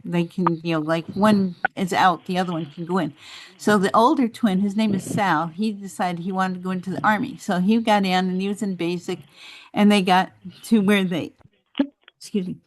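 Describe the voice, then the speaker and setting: A woman's voice: mid-range voice, a little hiss or hum. A woman on a group video call, telling family stories in a rambling way with lots of fillers. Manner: rambling storyteller, many fillers. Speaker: group member. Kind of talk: casual chat.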